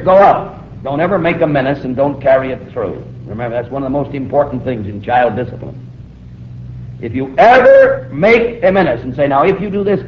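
Man preaching a sermon, slightly high voice, emphatic storyteller; dull, echoey old recording with faint noise. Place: hall with a live audience.

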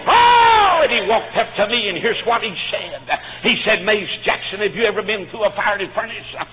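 A man preaches with fervor, his voice pitched high. He fills the gaps between phrases with "uh". The recording is thin and tinny, like a phone line, with faint music behind. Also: sing-song, a little fast. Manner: fervent, with frequent "uh" between phrases. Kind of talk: sermon.

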